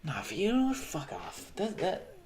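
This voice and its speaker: A man's voice: sits high, wildly swooping pitch, normal speed, a little mellow. A young man livestreaming from home, ranting casually with lots of swearing and frequent restarts mid-sentence. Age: young adult. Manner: profane, ranting, frequent self-interruptions and restarts.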